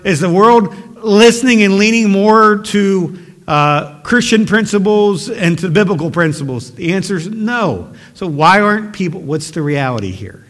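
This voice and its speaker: Guy preaching a sermon, kinda high voice, earnest and punchy, big echoey hall. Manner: earnest, emphatic preaching, rising to forceful exhortation. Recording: long hall reverb.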